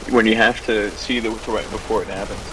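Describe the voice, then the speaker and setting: A man's voice: on the low side, steady tone, unhurried, pushed and bright, slight background noise, rough recording. A young man chatting as a guest during a gameplay session, teasing his co-host with dry jokes. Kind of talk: casual gameplay banter.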